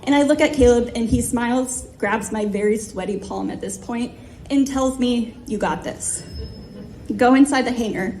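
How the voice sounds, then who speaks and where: A woman in her thirties tells a personal story on stage, poking fun at herself with a vivid, comic touch. Her voice sits a little high but sounds soft and mellow. A faint hum of noise lies under it. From Ohio, USA. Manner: self-deprecating, comic, vivid.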